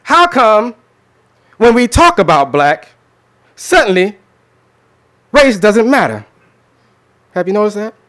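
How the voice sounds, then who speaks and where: A man's voice: high-pitched, very animated, slow pace, pauses often, a bit bright. A man talking loosely with an audience, then performing a spoken word poem with a rhythmic, emphatic delivery. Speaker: poet. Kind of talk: spoken word poetry reading.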